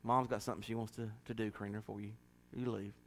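A man's voice: fairly low pitch, little pitch movement, very fast, slight background noise. A man preaching and making church announcements in a folksy, joking, chatty way. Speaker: pastor.

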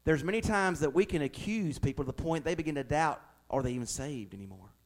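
A man's voice: fairly high pitch, lively intonation, fast. A man, a pastor preaching a conversational sermon that builds to emphatic, raised passages.

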